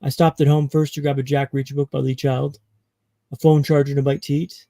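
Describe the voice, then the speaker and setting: A man from Canada, a podcast guest, telling his own story with dramatic pauses. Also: medium pitch, little pitch movement, gravelly, mellow, dry recording, poor audio. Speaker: guest speaker.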